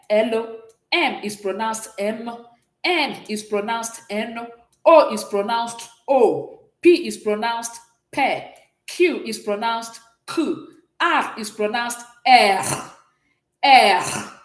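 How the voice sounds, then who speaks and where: A woman leads a beginners' French lesson. She talks patiently and keeps checking with her students, and her pitch rises and falls a lot. The sound carries a roomy echo. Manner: patient, repeats and checks understanding often. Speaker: French teacher. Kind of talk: classroom language lesson.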